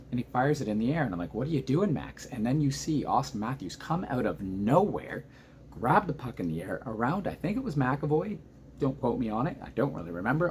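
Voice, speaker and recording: A man recapping a hockey game at home at night, talking quietly but keyed up and emotional, rambling through the plays. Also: medium pitch, slight background noise. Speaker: hockey fan reacting to a game. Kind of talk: excited post-game reaction monologue.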